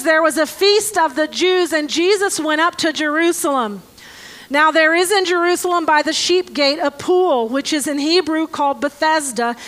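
High, bright-voiced woman preaching. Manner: joking, sarcastic asides to the congregation; slow, deliberate scripture reading. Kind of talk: conversational sermon with Bible reading.

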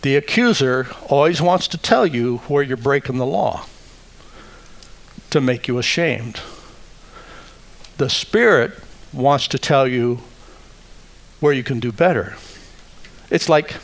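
A male pastor preaching a sermon, deliberate and emphatic, with wry asides. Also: mid-range voice, lively intonation, vocal fry.

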